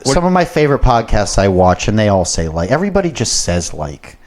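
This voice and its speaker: A man's voice: mid-range voice, very animated, quick pace. A man hosting a podcast in casual chat, rambling and swearing a lot. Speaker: podcast host.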